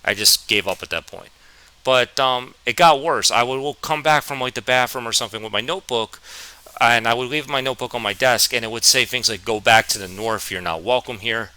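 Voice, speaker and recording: A young man from New Jersey telling a storytime vlog, with a halting, stammering, self-deprecating manner. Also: medium pitch, sharp tone, smooth, dry recording, poor audio. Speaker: vlogger.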